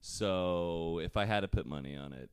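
A man chatting casually on a podcast, laughing often and reacting quickly. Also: deep voice, clear, resonant tone, dry recording, clean studio sound. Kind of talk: casual chat.

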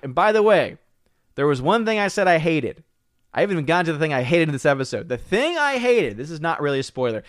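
Excitable man chatting on a live stream. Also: a little high, dry recording, studio quality. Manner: excitable, repeats words while rushing to the point. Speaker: live stream host reading viewer chats. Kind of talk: casual live stream chat.

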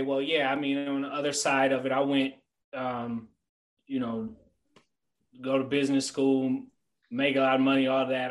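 A middle-aged man talking as a guest in a casual podcast chat, an animated storyteller who turns earnest and motivational. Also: mid-range voice, rough recording.

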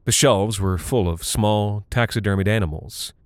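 A man narrating a scripted horror story in the first person, with a dry, deadpan delivery. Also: lowish voice, moderate pace, no echo.

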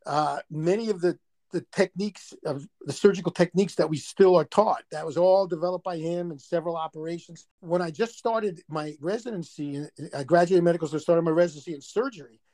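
A man's voice: a little high, brisk, warm tone. A man in his sixties from Brooklyn with a New York accent, a surgeon guest telling stories in a casual interview. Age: 60s.

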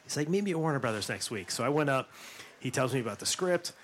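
A man's voice: mid-range voice, fast talker, a little hiss or hum. A middle-aged man, an actor and former basketball player, telling stories in a podcast interview with lots of fillers and restarts, acting out the quotes. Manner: animated, acts out quotes, many fillers and restarts.

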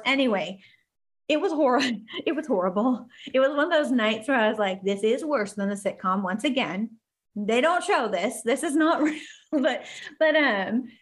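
A woman in her forties hosting a podcast, telling a personal story in a lively, often laughing way. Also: fairly high pitch. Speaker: podcast host. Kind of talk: casual podcast conversation.

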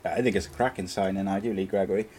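A man's voice: low voice, steady tone, fast, a little mellow, slightly rough. A man hosting a live football chat show, chatting with his co-host and reading out viewer questions.

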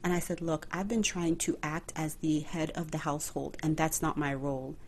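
A woman's voice: low-pitched, steady tone, normal speed, hardly any pauses, darkish tone, slight background noise. A woman hosting a faith-based podcast, talking earnestly and like a preacher, with rhetorical questions and direct address to her listeners. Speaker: podcast host.

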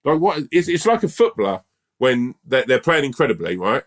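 A man co-hosting a podcast, telling stories in an animated, emphatic, sweary way in casual chat. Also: mid-range voice, brisk. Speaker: podcast co-host.

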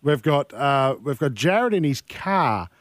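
A man's voice: medium pitch, big pitch swings, slow pace, no room sound. An Australian man hosting a sports radio show from the studio, upbeat and teasing with his guests. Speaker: radio host.

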